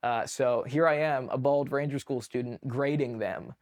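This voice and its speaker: Male veteran guest from California: casual, filler-heavy, animated, swears freely. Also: medium pitch, moderate pace. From California, USA. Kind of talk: casual storytelling.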